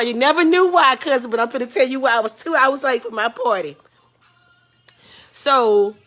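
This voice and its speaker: A Texas woman, candidly telling a personal story, frank and profane, swinging from loud outbursts to hushed lows. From Houston, Texas. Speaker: host.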